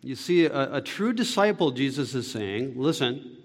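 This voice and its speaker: A man preaching a sermon as pastor, swinging between loud, fervent lines and hushed ones, with deliberate phrasing. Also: medium pitch, lively intonation. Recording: long reverb of a hall.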